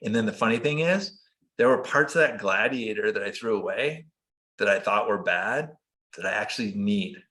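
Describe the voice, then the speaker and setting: Bright-voiced man telling his story earnestly. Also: on the low side, normal speed. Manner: earnest, animated, acts out quoted dialogue. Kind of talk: conversational storytelling.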